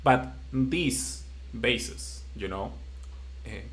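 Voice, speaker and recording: A man's voice: mid-range voice, lively intonation, extremely slow, a bit bright. Man teaching patiently. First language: Spanish. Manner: patient, encouraging, repeats praise. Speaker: Spanish teacher. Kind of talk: casual one-on-one language lesson.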